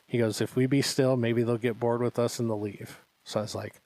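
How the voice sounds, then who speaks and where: A man's voice: medium pitch, brisk, hardly any pauses, dry recording. Man, podcast co-host, casual storytelling, acts out quotes, mid-range voice, dry studio sound. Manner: animated anecdote-telling with acted-out quotes.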